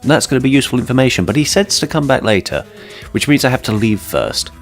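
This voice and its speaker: A man's voice: medium pitch, lively intonation, fast, faint music behind. Chatty self-deprecating male gamer. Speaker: let's play host. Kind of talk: game commentary.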